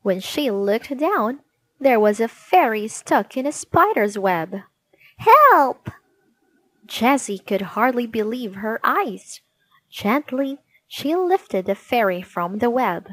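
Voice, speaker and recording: A woman reading a children's storybook aloud, gently and clearly. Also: fairly high pitch, expressive, takes it slowly.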